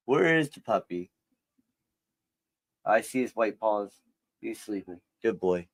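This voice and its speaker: A man's voice: medium pitch, steady tone, a little slow, long pauses, no echo. A middle-aged man co-hosting a podcast, chatting casually and teasing with lots of laughter over a home video-call mic. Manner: joking, laughs a lot, teasing. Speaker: podcast co-host. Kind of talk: casual chat over a watch-along.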